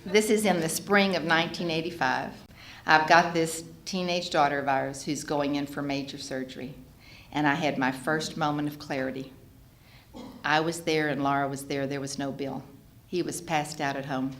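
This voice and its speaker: An older woman telling her personal recovery story in an animated way, laughing often as she speaks. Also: low-pitched, moderate pace. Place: meeting hall. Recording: echoey hall, faint ambience.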